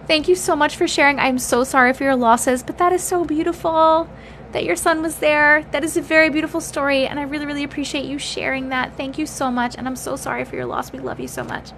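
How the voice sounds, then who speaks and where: A woman hosting a livestream, reading viewers' stories aloud with feeling, pausing to react and teasing her chat bluntly. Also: sits high, fairly bright tone, slight background noise.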